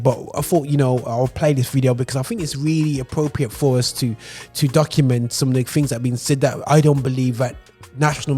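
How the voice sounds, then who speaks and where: A man with a London accent hosts a podcast. He banters casually in a playful, slangy way, at an ordinary middle pitch. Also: mellow. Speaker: podcast host. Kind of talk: casual chat.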